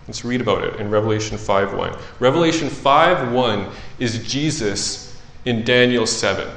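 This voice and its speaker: Man, preacher, conversational sermon, soft to emphatic, middle pitch, echoey room. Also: expressive, moderate pace, vocal fry. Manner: conversational, swings between soft and loud. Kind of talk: sermon with scripture reading.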